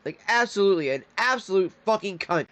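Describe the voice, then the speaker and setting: Ranting high-voiced man streamer. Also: lively intonation, a little fast, fairly bright tone. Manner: profane, ranting, heated outbursts. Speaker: streamer reacting to videos. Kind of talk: live reaction stream commentary.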